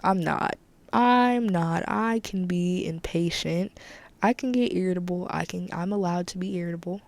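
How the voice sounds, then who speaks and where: Woman podcast host, gravelly, dry close sound, candid, emphatic, casual solo talk. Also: on the low side, moderate pace, a little mellow, dry recording. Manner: candid, emphatic, repeats herself.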